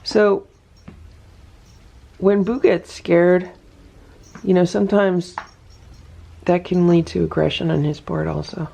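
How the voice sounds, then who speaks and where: Gravelly-voiced woman chatting about her cats. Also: on the low side, flat delivery, slow pace, long pauses, dark tone, lo-fi sound, a little hiss or hum. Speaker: cat rescue vlogger. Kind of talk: casual narration to camera. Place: home indoors.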